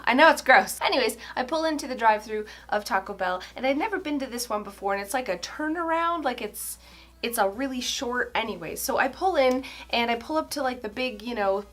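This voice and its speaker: A woman's voice: on the high side, fairly bright tone. A woman, telling funny stories to camera in a chatty, self-deprecating way. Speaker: home organizing vlogger. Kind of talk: casual storytelling to camera. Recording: roomy echoey indoor sound.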